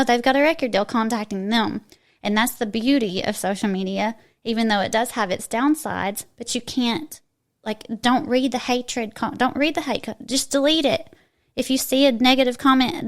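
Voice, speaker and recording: Chatty woman with an eastern Kentucky twang. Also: medium pitch. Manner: chatty, emphatic, frequent restarts. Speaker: guest. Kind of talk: casual interview chat.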